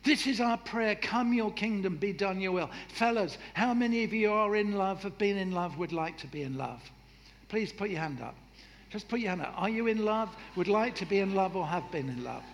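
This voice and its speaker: A man preaching a sermon in a lively, humorous way, acting out voices and jokes. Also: high-pitched, normal speed. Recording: echoey hall with faint noise.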